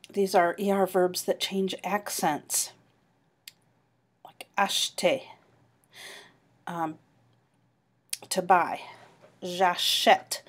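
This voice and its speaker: A woman teaching a French class online, patiently explaining grammar and modeling pronunciation. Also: on the low side. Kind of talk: online class review lecture.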